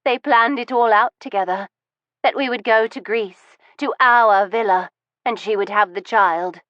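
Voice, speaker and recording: A woman's voice: measured pace, no echo, muffled recording, lightly acted. A woman voicing a cold, bitter middle-aged wife who holds a gun, speaking icily with wounded resentment. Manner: icy and commanding, turning wounded and shrill. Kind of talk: audiobook reading.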